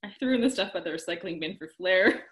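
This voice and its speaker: A woman chatting casually, telling a story in an animated way, acting out quotes and laughing often. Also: on the low side, fast. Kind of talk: casual chat.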